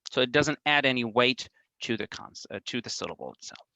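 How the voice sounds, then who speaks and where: A man delivering an academic linguistics talk in a bright, clear voice. He explains step by step, pausing on ums and restarting phrases now and then. The sound is close and dry, with no room around it. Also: medium pitch, expressive, no room sound, poor audio. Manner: careful, measured, with frequent um and uh fillers and restarts. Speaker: academic presenter.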